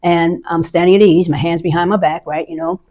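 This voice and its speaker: An older woman from the United States, an Army veteran, telling a personal story in an earnest, halting way and acting out the voices she quotes. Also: on the low side, fairly even intonation, dull audio.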